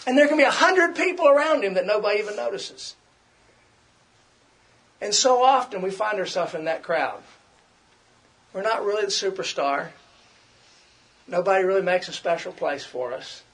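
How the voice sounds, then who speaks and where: A man's voice: high-pitched, animated, normal speed, pauses often, fairly bright tone. A middle-aged man preaching a conversational sermon, repeating himself and acting out quoted complaints.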